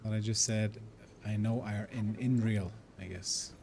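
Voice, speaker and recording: A man's voice: lowish voice, fairly even intonation, normal speed, gravelly, darkish tone, slight background noise. A man chatting casually with his live-stream viewers while he plays, rambling and thinking aloud. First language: German. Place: living in India.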